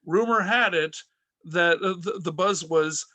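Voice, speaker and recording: High bright comic man telling stories. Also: a little slow, no room sound. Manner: rambling anecdotes with restarts and acted-out quotes. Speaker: podcast host and stand-up comic. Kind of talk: casual comic storytelling.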